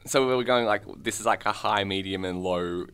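A man's voice: lowish voice, fairly quick, a bit bright, clear, resonant tone. A man co-hosting a casual comedy chat show, dry and teasing, poking holes in his partner's logic. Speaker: co-host.

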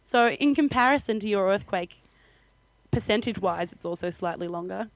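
A woman's voice: mid-range voice, moderate pace, no echo, poor audio. Chatty young Australian woman, laughing storyteller. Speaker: podcast co-host. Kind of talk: casual chat.

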